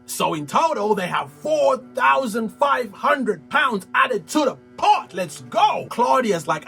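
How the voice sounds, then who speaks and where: A man's voice: very high-pitched, very animated, slow, creaky, hardly any pauses, bright, forceful tone, soft background music. A man hosting a casual reality TV recap, slangy and playful, with dramatic exclamations. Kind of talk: casual show recap commentary.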